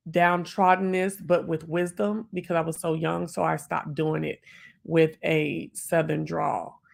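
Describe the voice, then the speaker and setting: A woman's voice: on the low side, gravelly. A woman in her forties hosting a live stream, talking about the poem in a chatty, reflective way with plenty of fillers. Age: 40s. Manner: chatty and reflective, with many fillers and quick asides. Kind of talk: casual live stream chat.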